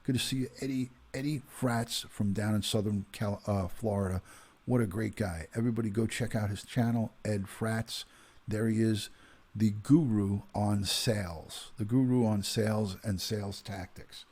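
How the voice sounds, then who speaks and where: Husky low-voiced man in his fifties. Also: steady tone, normal speed, a little mellow. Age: 50s. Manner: chatty, greets viewers by name, many ums and uhs. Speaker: retired police detective hosting a livestream. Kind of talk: casual livestream chat.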